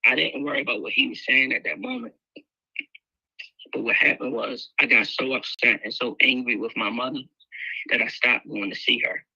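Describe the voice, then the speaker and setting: A man's voice: medium pitch, expressive, normal speed, gravelly, pushed and bright, slightly rough, dry recording, lo-fi sound. A man telling a raw personal story, candid and emotional, full of fillers. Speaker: guest speaker sharing his life story.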